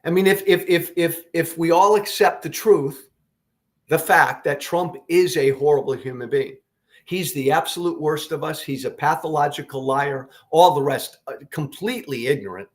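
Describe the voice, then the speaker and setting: A man's voice: on the high side, normal speed. A man hosting a political talk show, delivering blunt, profane commentary and repeating his points for emphasis.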